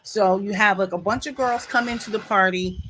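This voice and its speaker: A woman's voice: medium pitch, moderate pace, slight background noise, low-quality recording. A woman vlogger telling a long story in a casual, digressive way at home, with frequent asides and apologies. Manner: animated, laughing. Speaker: commentary vlogger. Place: home, near her back window.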